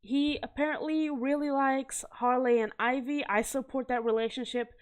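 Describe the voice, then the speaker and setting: A woman's voice: high voice, steady tone, moderate pace. A woman hosting a casual video review of comic art, chatty and enthusiastic, often stopping to correct herself and laugh nervously. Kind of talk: casual chat.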